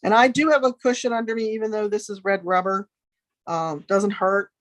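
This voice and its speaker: A woman's voice: mid-range voice, steady tone, brisk, no room sound. Chatty woman demonstrating a craft project. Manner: chatty, friendly asides, thinks aloud while working. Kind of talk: casual tutorial demonstration. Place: home craft studio.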